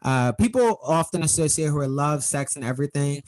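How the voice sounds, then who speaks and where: A young man, a podcast guest, telling an earnest personal story in conversation, animated and emotional, acting out what others said. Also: fairly high pitch, a little fast, poor audio. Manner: earnest, animated storyteller who acts out quoted speech.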